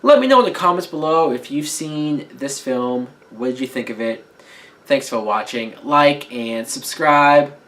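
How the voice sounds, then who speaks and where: A man's voice: medium pitch, lively intonation, unhurried, fairly bright tone, low-quality recording. A man giving a casual spoken film review, talking candidly and in a rambling way, with some swearing. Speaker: movie reviewer.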